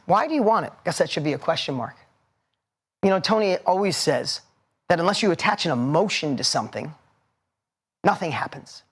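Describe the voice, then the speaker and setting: A man's voice: on the high side, animated, a little fast, long pauses, breathy edge. A man in his forties giving a motivational seminar talk, punchy and emphatic, hammering points with repetition. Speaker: motivational speaker.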